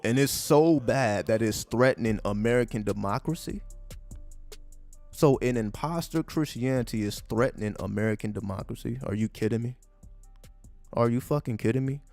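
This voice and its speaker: A man's voice: medium pitch, moderate pace, a little mellow, dry recording. A man giving casual livestream commentary, profane and sarcastic, firing off repeated rhetorical questions. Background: faint background music.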